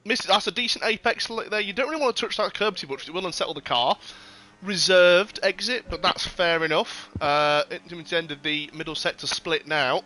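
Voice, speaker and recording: A man giving casual sim racing commentary, excitable, laughing often and swearing freely. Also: sits high, fairly quick. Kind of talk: casual esports race commentary.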